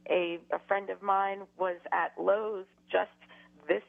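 A woman's voice: medium pitch, level tone, slow pace, creaky. A woman as a radio guest, speaking hesitantly with many fillers. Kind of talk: radio interview. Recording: dull lo-fi line.

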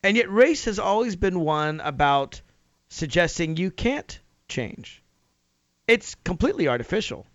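A man's voice: high-pitched, very animated, measured pace, a bit bright, no echo, highs cut off. A man from Tennessee hosting a radio talk show, arguing his point with rhetorical questions and emphatic rises. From Nashville, Tennessee, US. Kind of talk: opinion talk radio monologue.

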